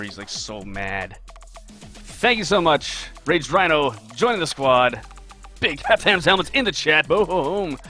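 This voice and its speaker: A man's voice: a little high, pushed and bright. A man hosting a casual live stream as a game artist, upbeat and chatty, greeting viewers by name while he draws.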